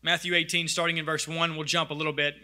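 A man's voice: on the high side, little pitch movement, fast talker, bright, forceful tone. A man preaching a sermon as pastor, earnest and reflective.

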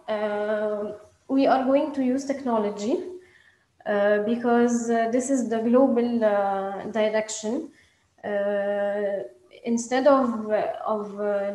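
Hesitant woman pitching in an echoey room. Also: mellow. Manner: hesitant, many fillers and restarts. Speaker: startup presenter. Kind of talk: pitch presentation.

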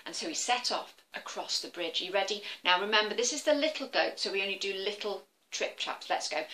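A woman storyteller telling an interactive tale for children, animated and encouraging them to join in. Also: medium pitch, moderate pace, hardly any pauses, rough recording.

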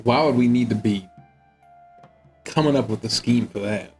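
A man's voice: medium pitch, moderate pace, a little mellow, faint music behind. A man playing a tabletop game in casual chat, laid-back and swearing freely. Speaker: player. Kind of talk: casual in-character play.

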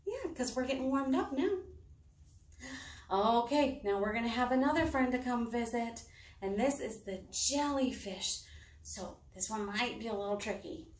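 A woman librarian leading children through storytime yoga, talking in a slow, encouraging, coaxing way. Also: fairly high pitch, expressive. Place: on a balcony. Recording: roomy, distant mic.

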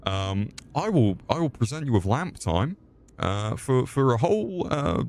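A British man streaming a horror game, swearing and yelling at his chat in exclamatory bursts. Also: medium pitch, sing-song, measured pace, faint music behind. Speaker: gaming streamer. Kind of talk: live gameplay commentary.

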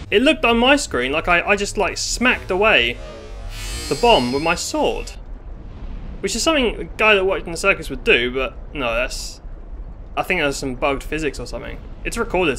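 A man's voice: a little high, big pitch swings, moderate pace, long pauses, pushed and bright, soft background music. British man swearing through game commentary. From Britain. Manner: swearing, exasperated running commentary with sudden outbursts. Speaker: gaming YouTuber. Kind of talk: let's play commentary.

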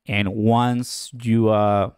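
Puerto rican accented guy on a livestream, spanish is his first language, smooth clear voice, dry sound, reads out chat all cheery. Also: lowish voice, flat delivery, drawn-out words, darkish tone, no echo. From Puerto Rico. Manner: upbeat, reads out viewer comments and greetings. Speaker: livestream host.

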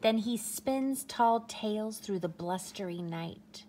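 A woman reading a picture book aloud to a child in a gentle, drawn-out way with soft whispered passages. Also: mid-range voice, a little hiss or hum. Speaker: storytime reader.

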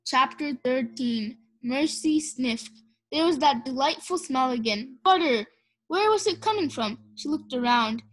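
A woman narrating a children's storybook aloud, expressive and playing the characters. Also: high voice, measured pace. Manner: expressive, does character voices. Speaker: audiobook narrator.

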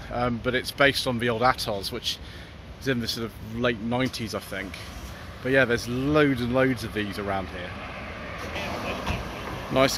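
A British man hosting a car channel, chatting enthusiastically to viewers as he walks along the street spotting cars. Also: medium pitch. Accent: British English. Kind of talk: walking car-spotting vlog. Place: outdoors on town streets. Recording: outdoor street noise.

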